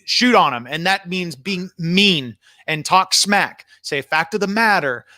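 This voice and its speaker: Loud heel host, bright and somewhat high, dry close sound, a man in the role. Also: animated, measured pace, no room sound, heavily acted. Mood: bossy. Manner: blustering and domineering, with many fillers. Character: brash, bossy heel wrestler host who bullies his partner. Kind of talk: comedy wrestling sketch.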